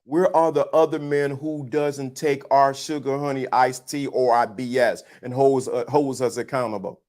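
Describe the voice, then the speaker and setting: A man's voice: mid-range voice, steady tone, moderate pace, darkish tone. A man hosting a livestream, giving his blunt, preachy, teasing opinions to the chat in a casual, slangy way. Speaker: livestream host.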